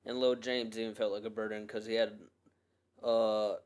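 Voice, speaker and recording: Guy talking solo on his podcast, smooth clear voice, kinda rambly and earnest, lots of likes and ums. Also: fairly low pitch, level tone, moderate pace, a little mellow. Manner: rambling, loose and earnest, with many fillers and restarts. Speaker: podcast host. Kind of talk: casual solo podcast monologue.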